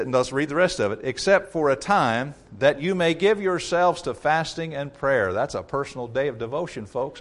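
A man preaching a sermon, emphatic, reading scripture aloud and calling his listeners folks. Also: mid-range voice.

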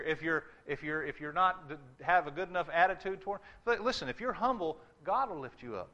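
A man's voice: on the high side, expressive, fast, few pauses, bright, forceful tone. A man preaching a sermon in a church, emphatic, often repeating words and restarting as he stresses a point. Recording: dull lo-fi sermon recording.

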